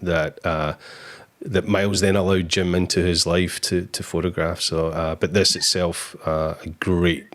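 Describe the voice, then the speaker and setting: A man hosting a casual live-stream interview, relaxed and easygoing with plenty of fillers. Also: low-pitched, unhurried. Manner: relaxed, filler-heavy, chuckles. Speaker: host.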